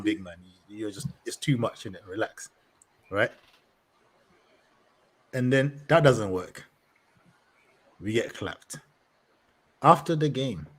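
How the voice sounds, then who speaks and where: Young man ranting on a football podcast. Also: medium pitch. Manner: animated, laughing, street slang, rants at length. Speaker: podcast co-host. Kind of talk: casual football podcast rant.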